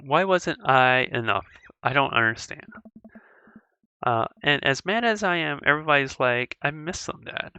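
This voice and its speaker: A woman's voice: sits low, expressive, normal speed, bright, forceful tone, highs cut off, a little hiss or hum. A woman voicing a hurt, sarcastic teenage girl in video game dialogue read aloud, dejected and self-mocking. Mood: upset.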